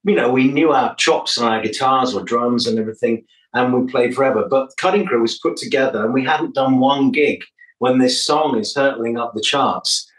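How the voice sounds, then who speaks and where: Telling stories with plenty of jokes and laughter, an older musician chats casually in an interview. He speaks at a normal speed in a medium-pitched, fairly bright voice, recorded from a distance in a roomy setting.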